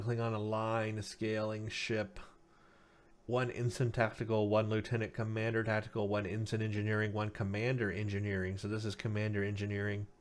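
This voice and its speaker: Tired gaming news host, low voice. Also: male voice. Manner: casual, many ums and uhs, reads out ship stats. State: tired, losing his voice. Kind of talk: casual game news commentary.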